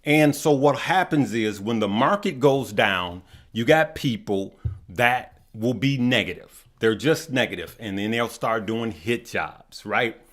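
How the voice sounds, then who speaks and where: Laid-back male stream host, slow and easygoing, calling out viewers by name. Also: mid-range voice, lively intonation. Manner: unhurried, shout-outs to viewers by name. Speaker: stock market livestream host. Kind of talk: casual livestream chat greeting viewers.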